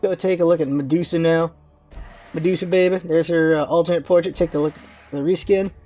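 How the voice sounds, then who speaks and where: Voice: medium pitch, steady tone, brisk, dark tone, soft background music. A gaming channel host giving rambling, offhand casual commentary while browsing game menus.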